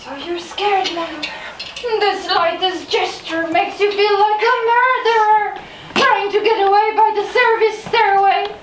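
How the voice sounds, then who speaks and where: An actress on stage playing an anxious young maid who teases and pleads. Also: female voice, very high-pitched, fairly even intonation. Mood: pleading. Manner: slow, pleading, teasing. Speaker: stage actor. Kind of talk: live stage drama. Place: small theatre stage. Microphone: distant room mic. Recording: echoey theatre from far off, audible noise.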